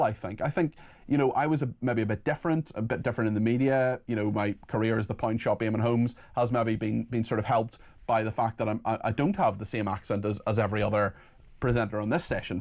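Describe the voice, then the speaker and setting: A man hosting a radio phone-in, talking quickly with frequent restarts. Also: on the low side, darkish tone. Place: radio studio.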